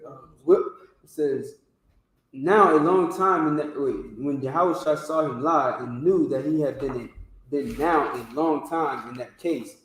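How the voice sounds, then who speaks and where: A man reading scripture aloud in a class, haltingly, with restarts. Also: a little high. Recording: very echoey room.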